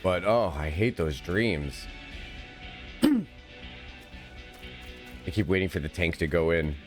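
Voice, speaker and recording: Giggly low-voiced man streaming a game. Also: expressive, takes it slowly, soft background music. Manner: chatty, giggly, talks to chat and teammates. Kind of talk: live gameplay commentary.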